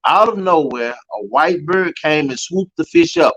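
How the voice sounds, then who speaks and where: Interview guest, man with a New Orleans accent, fairly high voice, storytelling testimony that acts out quoted voices. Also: very animated, measured pace, fairly bright tone, slightly rough, low-quality recording. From Louisiana. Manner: storytelling, acting out quoted voices, frequent "man" and "you know". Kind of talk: emotional personal testimony.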